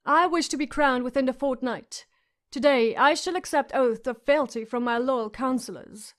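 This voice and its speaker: Woman doing a shrill spoiled boy king. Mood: imperious. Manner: imperious, shouting, rushed. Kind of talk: audiobook character voice.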